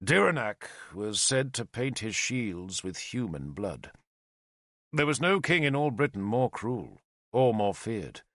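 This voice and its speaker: A male audiobook narrator telling a story in first person. His delivery is dramatic and expressive, his pitch moving widely. His tone is bright, recorded close and dry. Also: no echo.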